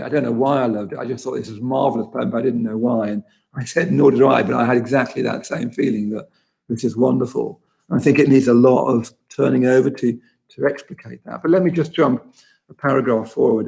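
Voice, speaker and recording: Earnest man with a gravelly voice. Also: mid-range voice, a little mellow. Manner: earnest and enthusiastic, musing aloud with frequent restarts; slows down and lingers over quoted lines. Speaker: resident poet leading a poetry session. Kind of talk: reflective talk with read-aloud poetry passages.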